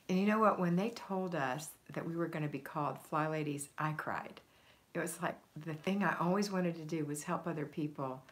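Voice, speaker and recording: Reading her viewers' comments out loud, a low-voiced woman in middle age answers them warmly and supportively during her homemaking livestream.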